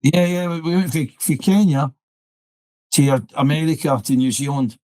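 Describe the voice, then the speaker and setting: A man's voice: fairly high pitch, normal speed, mellow, no echo, low-quality recording. A middle-aged man with a Scottish accent, a drummer telling a rambling story in an interview, restarting and repeating "I says" as he goes. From Scotland. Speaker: interview guest, military pipe band drummer. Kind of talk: conversational storytelling.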